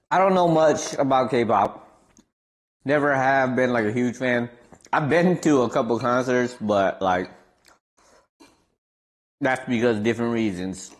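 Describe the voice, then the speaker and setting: A man's voice: mid-range voice, unhurried, pauses often. A young man from the American Midwest, a streamer chatting casually and rambling as he answers his chat aloud.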